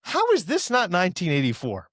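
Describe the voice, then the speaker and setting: A man's voice: sits high, wildly swooping pitch, fairly quick, a bit bright, no echo, studio quality. A man co-hosting a political commentary show, talking in a sarcastic, indignant way.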